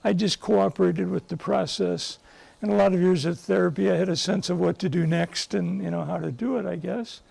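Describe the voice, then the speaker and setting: An older male psychologist and guest speaker tells stories to a live group, earnest and emphatic, often restarting his sentences. His voice sits high, with fairly even intonation and a brisk pace. It's darkish and husky, with vocal fry.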